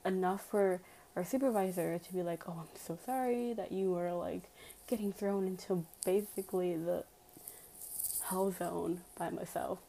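A woman's voice: medium pitch, warm tone, rough recording. A woman telling a personal story to her viewers in a casual, emphatic way, full of "like" fillers and direct appeals.

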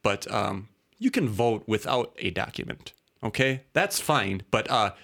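A man's voice: lowish voice, very animated, a little slow, a bit bright. A man hosting a casual talk show, a bit tipsy from drinking, rambling and laughing as he talks. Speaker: podcast host. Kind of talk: casual chat.

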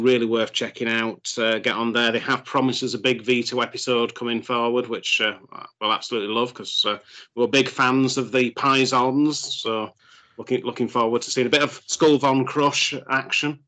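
A man's voice: mid-range voice, flat delivery, moderate pace, bright, forceful tone. A man hosting a casual podcast, joking and plugging shows. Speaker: podcast host.

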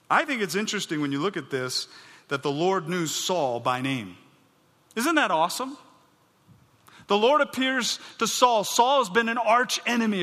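A man preaches in a high, bright, forceful voice that lingers in a long hall reverb. He turns dramatic, rising to booming emphasis and then dropping to hushed, low passages. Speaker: pastor. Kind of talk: sermon.

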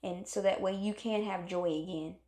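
A woman's voice: medium pitch, fairly even intonation, normal speed, mellow, reverberant. A woman giving a casual motivational talk, earnest and encouraging, repeating herself and acting out moods as she speaks.

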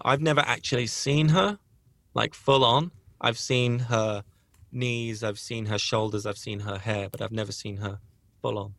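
A man's voice: on the low side, gravelly, fairly bright tone, no room sound, studio quality. A man hosting a podcast, telling a personal story in a rambling, earnest way with frequent restarts. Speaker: podcast host. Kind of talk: casual storytelling.

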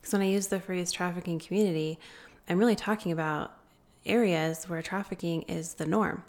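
A woman guest telling a long story in an interview, earnest and pausing often with fillers. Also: lowish voice, fairly even intonation, darkish tone. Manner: earnest, many filler pauses. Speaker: guest, founder of an anti-trafficking group.

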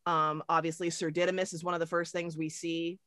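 A woman co-host talks quickly and animatedly in casual chat, with frequent swearing. Her voice sits at a middle pitch and sounds dry, with no room echo at all. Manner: animated, profane, quick-talking. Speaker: podcast co-host.

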